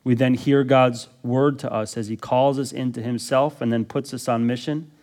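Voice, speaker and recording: A man's voice: mid-range voice, fairly even intonation, moderate pace, a little mellow. A man preaching a sermon as pastor, emphatic and often prompting the congregation with "listen" and "okay". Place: church sanctuary.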